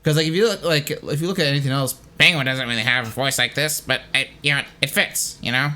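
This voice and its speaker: A man's voice: mid-range voice, fairly even intonation, fast, bright, forceful tone. A young man hosting a casual commentary on his own animation, rambling with many hedges and restarts. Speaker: host and animation creator.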